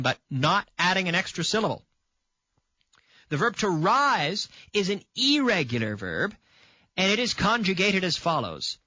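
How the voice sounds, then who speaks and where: A man's voice: on the high side, sharp tone, no room sound, dull audio. A man from Canada teaching an English grammar lesson on video. He repeats example sentences and checks in with the viewer by asking "okay?".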